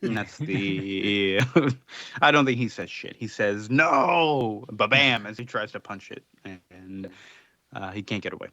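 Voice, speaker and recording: A man's voice: on the low side, moderate pace, sharp tone, dry recording. Male podcast co-host, casual recapper, dry muffled sound. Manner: recaps plot with many fillers. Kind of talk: casual comics discussion.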